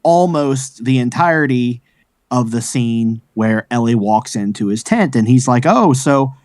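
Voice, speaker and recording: An excitable man chatting on a podcast, rambling eagerly through a film recap with plenty of restarts. His voice sits in the middle of the male range. The recording is dry and close. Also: mid-range voice, unhurried, no room sound. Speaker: podcast co-host. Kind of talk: casual chat.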